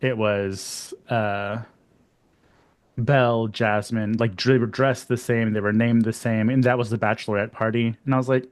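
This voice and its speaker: A man's voice: lowish voice, moderate pace. Chatty, jokey man. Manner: chatty, jokey, animated storytelling with laughs. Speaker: podcast co-host. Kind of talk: casual horror podcast chat.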